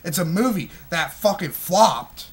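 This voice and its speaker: A man's voice: sits high, expressive, measured pace, slightly rough. A man in his twenties reviewing a movie in an agitated, heavily profane rant, full of stumbling restarts. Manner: smoking while talking.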